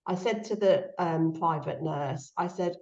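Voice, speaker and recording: A middle-aged woman, a guest author with a low voice, speaks a little slowly in a casual conversational interview. She is soft-spoken and heartfelt, her voice rising when she quotes others, and the recording sounds echoey and slightly dull.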